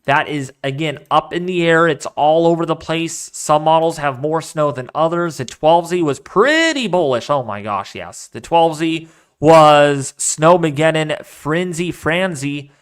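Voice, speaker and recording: A man hosting a live weather stream, talking casually and excitably, rambling off into asides while reading the models and the chat. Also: a little high, unhurried, smooth. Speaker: weather livestream host.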